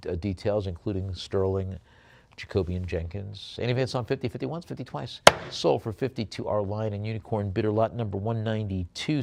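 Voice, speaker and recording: A male auctioneer calling bids at a live auction, moving between brisk bid calls and rambling, halting asides about the items. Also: fairly low pitch, gravelly, a little mellow.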